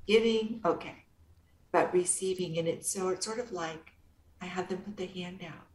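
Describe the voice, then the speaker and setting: Gentle, soothing woman in a roomy space. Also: lowish voice, moderate pace, slight background noise. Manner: calm, gentle, soothing therapeutic delivery. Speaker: guest author and inner-child coach. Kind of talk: interview answers. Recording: roomy echo.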